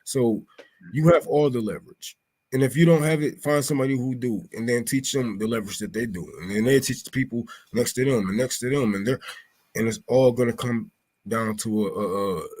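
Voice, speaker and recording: A man's voice: medium pitch, normal speed, darkish tone, low-quality recording. A man speaking as an activist on a livestream panel, blunt, profane and emphatic.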